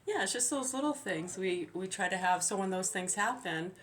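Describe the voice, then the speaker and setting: A woman's voice: medium pitch, animated, moderate pace. A middle-aged woman, a mother, talking in a rambling, aggrieved monologue full of restarts and swearing. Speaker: mother venting.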